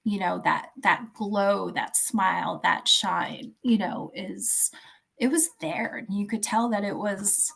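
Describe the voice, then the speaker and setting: Podcast guest: woman, 50s, slow and halting, a gravelly edge, soft-spoken. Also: medium pitch, steady tone. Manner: halting, soft, searching for words. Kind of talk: personal storytelling in an interview.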